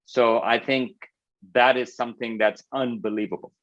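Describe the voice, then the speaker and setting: A man's voice: medium pitch, steady tone, normal speed, fairly bright tone, highs cut off. A man from Pakistan with a Pakistani accent, speaking as an astrophysicist guest in an interview, thoughtful and enthusiastic with many fillers and restarts. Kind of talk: conversational interview.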